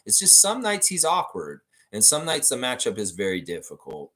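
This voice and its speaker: A man's voice: medium pitch, normal speed. Guy ranting on a fan livestream, voice swings way up and down, swears a lot, talks right to chat. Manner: animated, ranting, profane, talks straight to viewers. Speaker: fan channel host. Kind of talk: livestream chat reading viewer comments.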